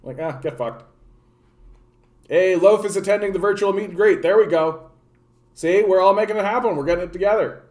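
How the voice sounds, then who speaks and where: Rambling man, slightly high voice. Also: brisk, long pauses, darkish tone. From Canada. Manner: rambling, profane, many "like" fillers and restarts. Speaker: political streamer. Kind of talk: casual livestream commentary.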